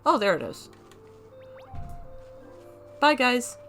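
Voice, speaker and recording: A woman's voice: on the high side, very animated, slow, creaky, a bit bright, soft background music. A woman giving playful, giggly casual commentary while playing a video game. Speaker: let's play host.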